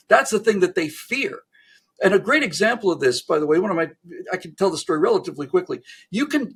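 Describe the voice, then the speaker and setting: A man's voice: high voice, fairly bright tone, breathy edge. A man talking with a host, telling jokes and acting out the characters in them, with many restarts. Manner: acts out characters in stories, frequent restarts. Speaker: narrator and historian, guest. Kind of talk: animated joke-telling in a conversation.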